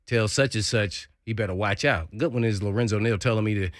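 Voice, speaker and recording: A man's voice: on the low side, a little fast, dry recording, clean studio sound. A man telling a story on a sports radio show, acting out what the players said with big jumps in his voice. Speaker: former NFL player telling a locker-room story. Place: radio studio.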